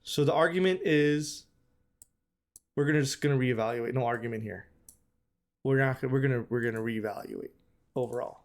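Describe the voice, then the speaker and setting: A man's voice: mid-range voice, brisk, long pauses. A man streaming live, giving casual, emphatic commentary and repeating his points, often calling the chat "bro".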